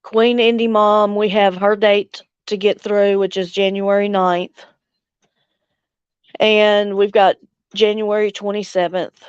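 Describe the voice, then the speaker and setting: An older woman from Louisiana hosting a casual livestream chat, speaking slowly and tenderly with soft chuckles, tearful at times. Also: medium pitch, flat delivery, smooth, no room sound, highs cut off. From Louisiana, USA. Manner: slow, tender, chuckling between lines. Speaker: livestream host.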